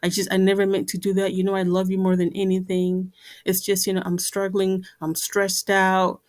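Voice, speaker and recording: A woman's voice: medium pitch, monotone, normal speed, a little mellow, natural voice. Brief: whiny, self-pitying manipulative man, put on by a woman in her own voice. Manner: whiny excuses.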